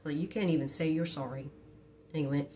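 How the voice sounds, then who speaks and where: A woman's voice: sits low, a little fast, mellow, a little hiss or hum. A middle-aged woman, frankly telling a personal story to her phone camera with many hesitant fillers. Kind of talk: candid storytime monologue.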